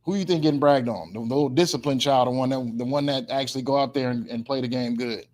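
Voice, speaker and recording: A man leads a casual Bible class with a medium-pitched, slightly mellow voice. He reads scripture slowly and deliberately, then preaches in a loose, colloquial style, repeatedly checking whether his listeners are following him.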